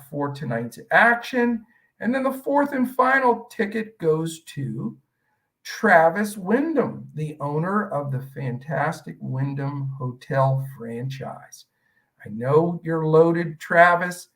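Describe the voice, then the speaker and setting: A man's voice: fairly high pitch, recorded from a distance, poor audio. A man hosting a live stream, talking in a rambling, chatty way with many fillers. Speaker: host.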